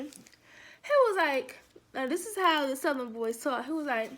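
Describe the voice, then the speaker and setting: A woman's voice: high-pitched, animated, normal speed, fairly bright tone. A young adult woman telling a personal story in a casual vlog, animatedly acting out the dialogue with slang. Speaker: vlogger.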